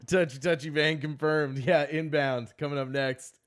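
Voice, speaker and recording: A man's voice: fairly high pitch, fairly even intonation, slow. Jokey man hosting a morning stream. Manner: jokey, laughing. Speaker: host. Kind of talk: casual chat.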